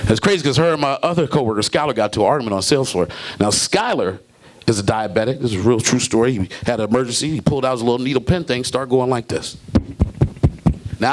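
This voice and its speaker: A man doing a stand-up comedy set, jokey and animated, acting out characters in loud bursts. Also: mid-range voice. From Brooklyn, New York.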